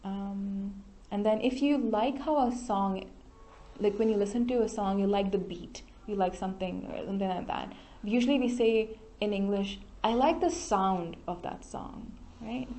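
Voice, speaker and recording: A woman's voice: mid-range voice, normal speed, mellow. A woman tutoring an English discussion group, giving patient, explanatory feedback with many fillers. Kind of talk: spoken feedback to a study group.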